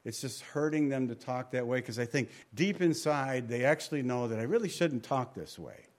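Man, pastor, mid-pitched voice, informal Bible teaching, repeats phrases, soft endings. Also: lively intonation, normal speed. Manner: drops to a quiet, low voice at the ends of phrases. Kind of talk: conversational Bible teaching sermon.

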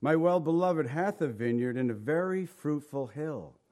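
A man leading a Bible study. He reads scripture aloud, then explains it in plain, halting talk and often repeats words. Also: fairly high pitch, lively intonation, darkish tone. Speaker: Bible teacher. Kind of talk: informal Bible study teaching.

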